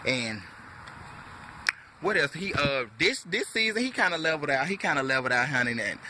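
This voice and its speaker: A man's voice: fairly high pitch, expressive, fairly quick, pushed and bright, a little hiss or hum. A man ranting sassily to camera about a reality show, tacking a drawled "honey" onto nearly every phrase. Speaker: reality TV commentator. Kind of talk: sassy casual rant to camera.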